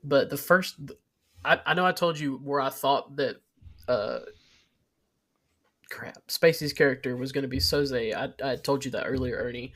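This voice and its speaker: A man co-hosting a movie podcast in casual chat, opinionated and quick to restart his sentences. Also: medium pitch, fairly bright tone. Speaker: podcast co-host.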